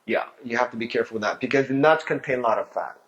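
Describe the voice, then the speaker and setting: A man's voice: medium pitch, racing, a bit bright, dull audio. A male physician giving a health talk, explaining diet with rhetorical questions.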